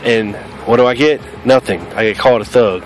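A man's voice: mid-range voice, brisk, a little hiss or hum. Blunt Southern man hosting a podcast. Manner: blunt, combative, cusses freely. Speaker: podcast host. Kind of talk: casual podcast monologue.

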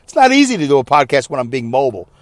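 A man's voice: mid-range voice, sing-song, very fast, dry recording. A man hosting a casual solo podcast from his parked car, rambling and poking fun at himself. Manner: rambling, self-mocking, chatty. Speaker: podcast host.

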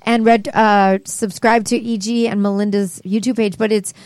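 A woman voice actress chatting casually as a guest, telling animated stories and acting out the exchanges she quotes. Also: mid-range voice, normal speed, dry recording. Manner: animated storyteller who acts out quoted exchanges. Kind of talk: casual chat.

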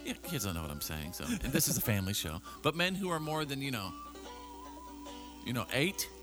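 A male radio host with a bouncy, lively voice, riffing through quirky stories. Music plays under him in the studio, and his delivery stays playful and chatty. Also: medium pitch, brisk. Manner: playful, reads news items with jokey asides. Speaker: radio morning show host. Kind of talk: joking radio banter.

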